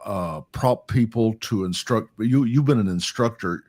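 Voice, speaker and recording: Husky low-voiced pastor hosting a talk. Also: male voice, measured pace, a little mellow. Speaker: host and pastor. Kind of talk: casual interview chat.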